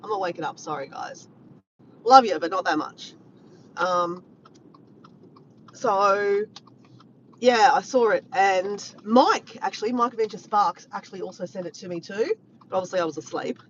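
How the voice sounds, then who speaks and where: A woman, chatting excitedly to viewers on a phone live stream at the beach. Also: medium pitch, normal speed, pauses often, muffled recording, slight background noise. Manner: chatty, excitable, repeats herself. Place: outdoors, driving to and walking at a beach. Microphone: phone held in hand.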